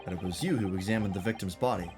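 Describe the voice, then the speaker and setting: A man's voice: low voice, rapid-fire, over music, voice pushed down, close to an everyday voice. A streamer voicing an earnest, formal young male lawyer in a detective game.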